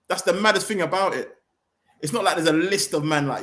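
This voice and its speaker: A man's voice: high-pitched, fairly quick. Fuming man ranting about football. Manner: heated, slangy, animated rant. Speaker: football fan channel host. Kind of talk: ranting fan vlog.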